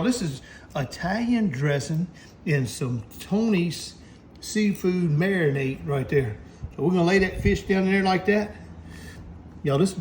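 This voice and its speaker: A man with a Louisiana accent showing how he fries catfish, calling out to viewers with excited exclamations. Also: high-pitched, noisy background. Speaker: cook and channel host. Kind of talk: cooking demonstration. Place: store kitchen.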